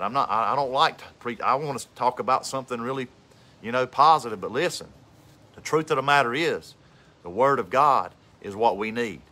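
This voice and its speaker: A man's voice: mid-range voice, sharp tone, a little hiss or hum, rough recording. A man preaching with fervor, repeating phrases and building to emphatic peaks. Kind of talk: impassioned outdoor sermon.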